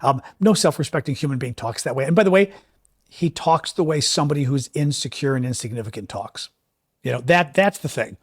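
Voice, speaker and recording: A man's voice: mid-range voice, animated, fairly quick, husky. Exasperated man doing live news commentary. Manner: sarcastic, exasperated, with many fillers and restarts. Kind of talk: casual live commentary reading headlines.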